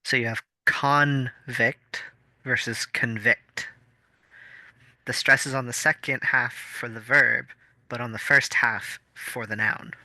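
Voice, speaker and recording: A man's voice: medium pitch, fairly even intonation, moderate pace, vocal fry, bright, forceful tone, no room sound. A man co-hosting a casual podcast, explaining things thoughtfully with fillers and restarts. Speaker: podcast co-host. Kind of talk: casual chat.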